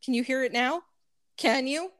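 A woman with a fairly high voice joins the podcast chat over a call. She jokes, laughs along, and answers back with easy teasing. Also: normal speed, fairly bright tone. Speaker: podcast co-host. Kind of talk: casual chat. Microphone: remote call.

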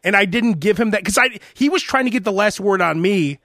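Animated high-voiced man telling stories. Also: fairly quick, no room sound, studio quality. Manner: animated storyteller acting out phone calls. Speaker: podcast host. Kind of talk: casual chat.

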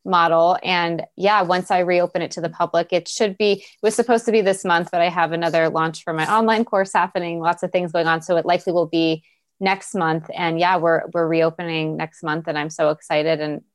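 A woman's voice: on the low side, fairly even intonation, fairly quick, no room sound. A woman coach speaking as an interview guest, eager and earnest, often restarting her sentences. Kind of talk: conversational interview.

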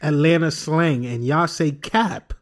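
A man from New York with a New York accent, telling stories in a swearing, animated way on a podcast. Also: a little high, takes it slowly, a little hiss or hum. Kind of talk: casual storytelling chat.

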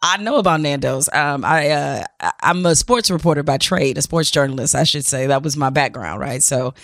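Female podcast host, gravelly voice, friendly and conversational, dry close mic. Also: low voice, moderate pace, a bit bright, dry recording. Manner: friendly, conversational, laughs between questions. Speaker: podcast host, sports journalist. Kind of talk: casual interview.

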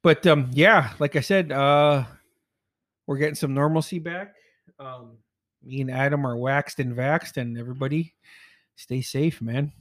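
A man's voice: mid-range voice, fairly even intonation, unhurried, fairly bright tone. Laughing, profane man telling a story. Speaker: podcast host. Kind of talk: casual storytelling.

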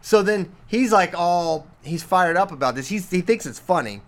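A man's voice: high voice, expressive, normal speed. A man co-hosting a casual wrestling talk show, telling a story with a laugh and acting out the lines he quotes. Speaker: podcast co-host. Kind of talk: casual chat.

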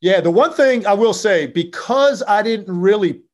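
A man from Virginia who used to play basketball speaks a little slowly in a high-pitched voice. In a relaxed interview he recounts stories animatedly, with lots of fillers.

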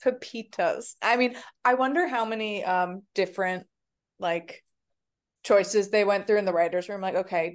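A woman's voice: medium pitch, steady tone, moderate pace. A woman co-hosting a podcast, joking playfully and swearing casually as she recaps a TV episode. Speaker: podcast co-host.

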